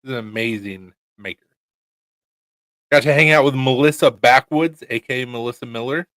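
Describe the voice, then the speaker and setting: A man's voice: medium pitch, normal speed, a bit bright, dry recording. A man co-hosting a casual chat show, telling laid-back stories and swearing casually. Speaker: podcast co-host, knife maker.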